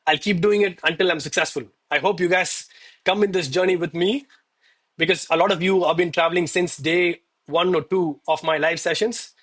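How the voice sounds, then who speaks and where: A young man streaming live from home on a headset mic, hyped and out of breath after exercise, talking excitedly to his chat. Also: sits high, moderate pace. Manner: hyped, exclaiming, addresses chat as bro.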